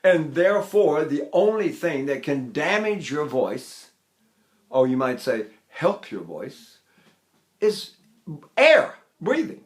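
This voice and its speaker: An older man teaching vocal technique in a lecture, talking in an animated, demonstrative way and breaking into sung examples. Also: a little high, takes it slowly.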